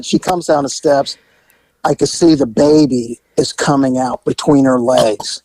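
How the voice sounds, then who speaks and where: A man, a former police officer, telling lively stories on a podcast, laughing and acting out the voices. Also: mid-range voice, unhurried, a little hiss or hum, poor audio. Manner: animated, laughing, acts out voices. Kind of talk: casual storytelling podcast.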